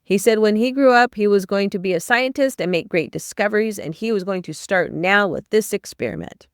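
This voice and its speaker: A woman's voice: mid-range voice, brisk, clear, resonant tone, no echo, studio quality. A woman hosting a podcast, giving a chapter-by-chapter book summary in plain storytelling with brief asides. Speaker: podcast host summarizing a novel.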